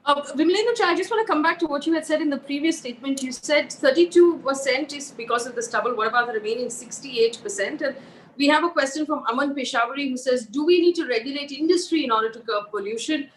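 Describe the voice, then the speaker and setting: A woman's voice: high voice, fast, reverberant, slight background noise, rough recording. A woman hosting a news panel, moderating the discussion with direct, pointed questions. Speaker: news show host.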